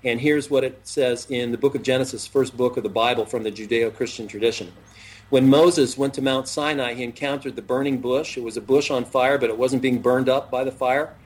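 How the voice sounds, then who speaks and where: Middle-aged male self-help host, husky, preachy, drags out key phrases for emphasis. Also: mid-range voice, steady tone, brisk. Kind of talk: motivational talk-show chat.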